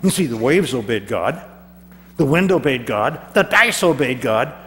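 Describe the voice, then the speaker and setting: A man's voice: medium pitch, very animated, unhurried, a bit bright. A man preaching a first-person character sermon in a church, telling the story in a theatrical, chatty way with stammered repeats. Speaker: pastor. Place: church hall. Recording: church hall reverb with faint hum.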